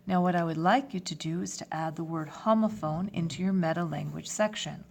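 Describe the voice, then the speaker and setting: Female teacher, lowish voice, patient instructional delivery mixing English and French terms. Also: steady tone, a little fast, a little mellow. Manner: clear, step-by-step instruction. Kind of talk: classroom lesson.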